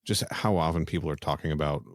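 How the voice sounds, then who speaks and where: A man with a very low, deep voice, co-hosting a casual podcast and walking through film scenes with frequent fillers. The sound is dry and close, with no room echo. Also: fast talker. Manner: chatty, recaps scenes with many fillers. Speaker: podcast co-host.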